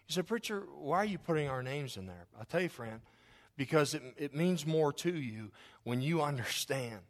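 Folksy, animated man preaching a sermon. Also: a little high. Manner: folksy, animated storytelling with repeated restarts; talks directly to listeners with questions.

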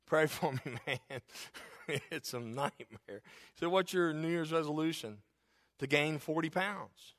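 Joking, emphatic preacher man. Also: on the high side. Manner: conversational, joking asides, swings to loud emphatic preaching. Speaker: pastor. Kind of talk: sermon.

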